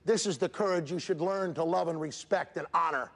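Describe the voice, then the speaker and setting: A man giving an energetic, emphatic motivational speech at a school assembly, speaking straight to the students. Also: fairly high pitch, a little fast. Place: school gym or auditorium. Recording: echoey hall, crowd noise. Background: student audience.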